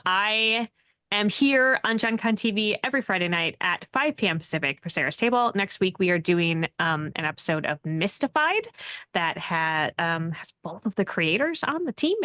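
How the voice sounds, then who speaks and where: A woman's voice: lowish voice, fairly bright tone, dry recording, studio quality. A woman hosting and running a tabletop game stream, chatting casually with a bubbly, giggly, self-deprecating manner. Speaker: game master and host. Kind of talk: casual chat, show outro.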